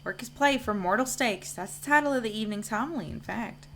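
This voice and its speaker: A woman's voice: fairly high pitch, animated, brisk, fairly bright tone, slight background noise, voice pushed up. A woman reading the lines of a reflective male church janitor from a narrative video game in her own everyday voice, in a musing, matter-of-fact way.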